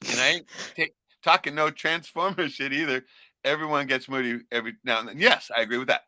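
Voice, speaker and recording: A middle-aged man ranting crudely and loudly on a casual livestream, a few beers in. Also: mid-range voice, fast talker, no room sound, clean studio sound. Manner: profane, rowdy, loud ranting. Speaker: livestream host.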